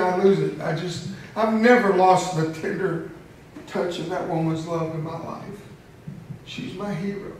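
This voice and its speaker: A man's voice: high voice, fairly even intonation, unhurried, slight background noise. Older guy in his 70s, funny emotional storyteller, echoey big room, kinda far from the mic. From United States. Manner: humorous, emotional, laughs often. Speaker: motivational speaker. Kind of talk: storytelling speech to an audience. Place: large hall with an audience. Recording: echoey hall, heard from a distance.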